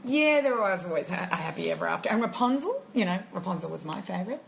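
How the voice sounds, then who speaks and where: Casting: gravelly-voiced mother on a podcast, chatty and giggly, lively pitch. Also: fast, slight background noise. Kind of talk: casual chat.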